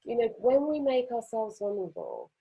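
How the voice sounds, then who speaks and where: A woman, a podcast guest telling a personal story in an animated, expressive and self-mocking way. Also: on the high side, normal speed, slightly rough, muffled recording. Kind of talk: conversational storytelling.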